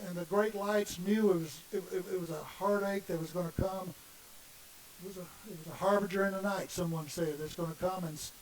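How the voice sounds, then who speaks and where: A man's voice: high voice, a little mellow. A middle-aged man, preaching an impassioned sermon full of emphatic rhetorical questions. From Southern United States. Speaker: minister. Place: congregation meeting room. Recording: distant mic with faint hiss.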